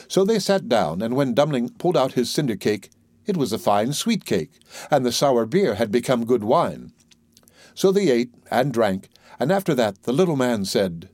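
A man reading a fairy tale aloud in a measured, even way. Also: mid-range voice, no room sound, clean studio sound. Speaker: narrator. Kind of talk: storybook reading.

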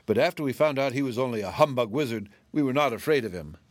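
A man voicing a confident little girl in a storybook reading, speaking in a bright, matter-of-fact way. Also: medium pitch, animated, fast talker, no room sound, lightly acted. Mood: earnest.

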